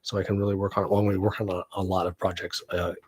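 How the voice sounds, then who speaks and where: A man's voice: sits low, level tone, rapid-fire, a little hiss or hum. A middle-aged man chatting casually on a home live stream, rambling with many fillers and restarts. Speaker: vlogger and actor. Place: home room.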